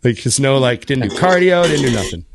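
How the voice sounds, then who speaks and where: A man's voice: medium pitch, expressive, fairly quick, slight background noise. A man co-hosting a podcast, telling a story in casual chat and swearing freely. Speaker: podcast co-host.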